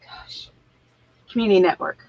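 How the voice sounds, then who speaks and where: A woman being interviewed as an actor, chatty and pausing to search for words. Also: lo-fi sound, over a noisy crowd. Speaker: actor guest. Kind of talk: casual interview.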